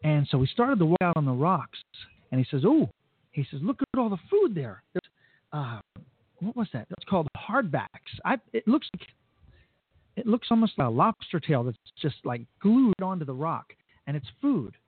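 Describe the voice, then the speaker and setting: A man's voice: a little high, sing-song, normal speed, husky, dry recording. Chatty radio host man, tinny sound. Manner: chatty, rambling, enthusiastic. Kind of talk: casual on-air chat. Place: resort restaurant on location.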